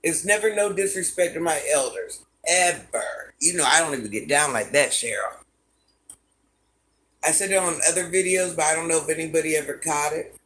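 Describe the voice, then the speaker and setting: A woman's voice: sits low, lively intonation, normal speed, a bit bright, slight background noise. Easygoing grandmother chatting on a livestream. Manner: easygoing, answers chat comments one by one, addresses viewers by name. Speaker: livestream host reading viewer comments. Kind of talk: casual live-stream chat.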